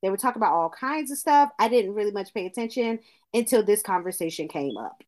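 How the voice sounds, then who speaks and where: Lively woman reading a listener letter. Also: medium pitch, fast talker. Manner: reads letters aloud with stumbles and laughs. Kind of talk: casual podcast chat.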